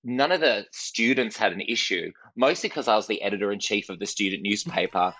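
A man's voice: fairly low pitch, sharp tone, breathy edge, no echo, muffled recording. A thirty-year-old Australian man, a comedian telling self-mocking stories in a casual interview. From Western Australia. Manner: quick, self-mocking storyteller who acts out quotes. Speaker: comedian guest.

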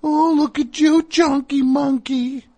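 A man's voice: very high-pitched, fairly even intonation, slow pace, dark tone, voice pushed up. A man voicing a gushing female dog groomer who coos at a dog in baby talk. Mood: cooing. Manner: sing-song cooing dog voice.

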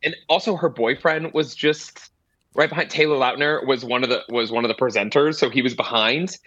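A man who is a comedian, a guest on a podcast, telling pop culture stories in a quick, excited, self-mocking way. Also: medium pitch, no room sound, muffled recording. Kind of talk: casual chat.

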